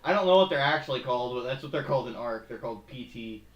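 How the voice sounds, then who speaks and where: A man's voice: medium pitch, animated, highs cut off. Joking co-host man, roomy and off-mic. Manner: joking, quick to laugh and interject. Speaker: podcast co-host. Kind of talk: casual chat. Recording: roomy, mic at a distance, faint hiss.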